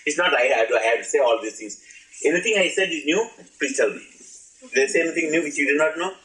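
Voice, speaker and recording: A man's voice: on the high side, fast, pushed and bright. A man giving an informal spiritual talk, playful and laughing, asking his audience questions. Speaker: spiritual teacher. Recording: echoey room, old archive recording.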